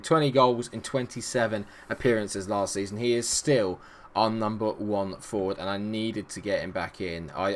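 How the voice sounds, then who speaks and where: Gaming YouTuber, fairly low-voiced man, excitable and chatty, given to asides. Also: a little hiss or hum. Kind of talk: casual game commentary.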